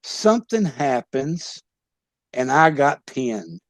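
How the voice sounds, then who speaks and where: A man's voice: on the high side, animated, takes it slowly, no room sound. A man, a former pro wrestler, telling rowdy, profane stories in a casual interview and laughing at his own pranks.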